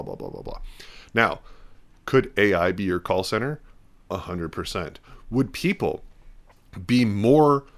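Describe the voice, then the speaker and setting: A man's voice: on the low side, fairly bright tone. A man hosting a podcast, talking in a casual, rambling way and acting out bits of quoted dialogue. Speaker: podcast host. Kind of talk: casual talk.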